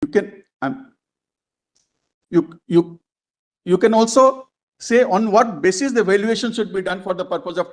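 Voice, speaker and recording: High-voiced male advocate arguing in court. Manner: addresses the bench as "my lord" constantly, halting restarts. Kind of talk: courtroom legal argument.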